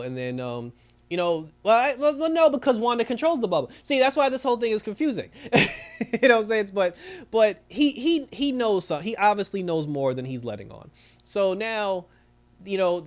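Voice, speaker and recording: A man hosting a casual TV episode recap, talking in an animated, chatty way with lots of fillers. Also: a little high. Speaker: TV review host.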